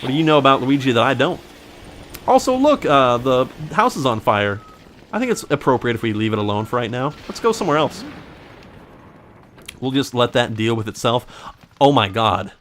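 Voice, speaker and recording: Let's-play host: man, mid-pitched, very animated delivery, goofy improvised asides over gameplay. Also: moderate pace, long pauses, a little hiss or hum. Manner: joking, rambling, makes up silly backstories. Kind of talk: casual gameplay commentary.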